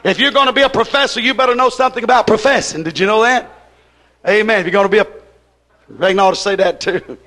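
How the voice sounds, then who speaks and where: A male preacher with a very high, bright, ringing voice delivers a sermon. He talks in a folksy, emphatic way, repeating himself for weight as he tells a story. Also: quick pace.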